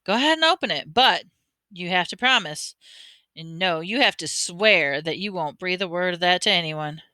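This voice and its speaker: Folksy old granddad type , read by a woman, teasing, calls the kid bud, bright clean voice. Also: lowish voice, animated, normal speed, dry recording. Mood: mock serious. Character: kindly older male union man, grandfatherly, teasing. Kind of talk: audiobook reading.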